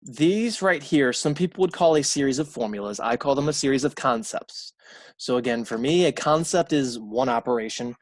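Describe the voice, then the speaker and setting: A man's voice: medium pitch, animated, normal speed, no echo, studio quality. A man teaching a recorded college math lecture in a conversational way, repeating key points and correcting himself aloud.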